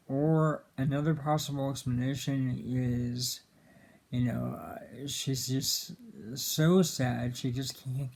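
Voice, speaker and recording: A man giving a casual, earnest film commentary, halting often with fillers and restarts. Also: medium pitch, creaky, darkish tone. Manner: earnest and emotional about the film.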